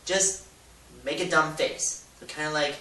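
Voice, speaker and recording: A man hosting a casual how-to vlog, talking in a goofy, rambling way with loud demonstrations. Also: a little high, fairly even intonation, measured pace. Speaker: YouTuber. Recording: echoey room, distant mic, hiss.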